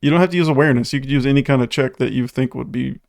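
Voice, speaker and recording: A man's voice: medium pitch, racing, creaky, darkish tone, dry recording, studio quality. A man acting as game master, easygoing and laughing often as he narrates the results of the rolls. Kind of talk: running a tabletop game.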